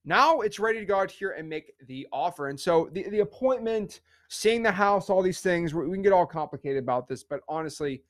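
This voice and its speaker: An emphatic man running an online real estate lesson, repeating himself and checking in with his listeners. His voice sits a bit high. The sound is dry and close to the mic. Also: expressive, brisk, hardly any pauses, no echo. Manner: emphatic, repetitive, keeps saying "okay" and "again". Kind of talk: online teaching session.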